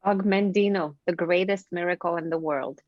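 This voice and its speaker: A woman from Canada, a guest on a podcast, telling stories in an animated way and often repeating words. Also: fairly low pitch, normal speed, no room sound. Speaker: podcast guest, confidence coach. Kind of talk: casual interview storytelling. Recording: dry, dull lo-fi sound.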